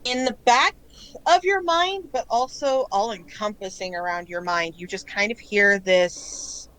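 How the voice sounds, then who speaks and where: A woman narrating a tabletop role-playing game as game master, relaxed and hesitant with frequent ums. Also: medium pitch, measured pace, low-quality recording.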